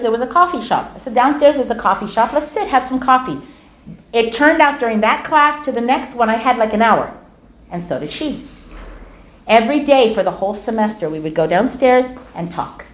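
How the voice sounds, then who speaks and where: A middle-aged woman giving a storytelling lecture, animated and acting out the dialogue of her anecdotes. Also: fairly high pitch. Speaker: speaker giving a talk on dawah. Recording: echoey room.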